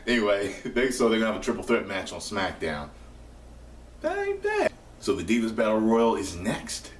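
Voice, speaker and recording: A man reviewing a wrestling show live as he watches, profane and prone to loud excited outbursts. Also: low voice, roomy sound, recorded from a distance, a little hiss or hum. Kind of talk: live reaction commentary.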